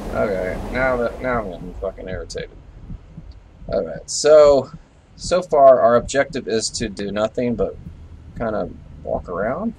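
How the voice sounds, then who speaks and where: A young man talks through a horror game as he plays it, jumpy and quick to swear. He scolds the creatures on screen. His voice is gravelly with fry and leaps up and down in pitch, with a faint hiss of noise behind it. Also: a little mellow. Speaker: let's play gamer. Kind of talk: live horror game commentary.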